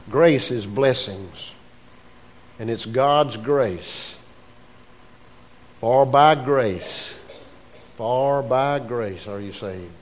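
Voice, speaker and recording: A male pastor, preaching a sermon in a slow, emphatic way and repeating key phrases. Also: medium pitch.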